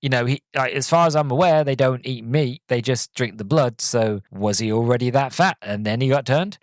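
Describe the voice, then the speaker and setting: Guy rambling thru a movie review, lots of ums, mid pitch, dry sound. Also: moderate pace, dry recording. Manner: rambling, filler-heavy, self-correcting. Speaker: podcast host. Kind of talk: casual film review.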